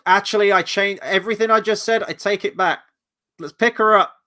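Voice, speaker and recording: A man's voice: high-pitched, fairly even intonation, brisk, sharp tone. A man hosting a casual film review chat, candid and crude with lots of jokes.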